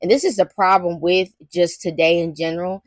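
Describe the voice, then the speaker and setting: A woman's voice: fairly low pitch, a little fast, no room sound. A young woman hosting a casual commentary rant, talking emphatically in slangy, repetitive phrases. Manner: animated, emphatic, repeats herself, slangy. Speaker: commentary host.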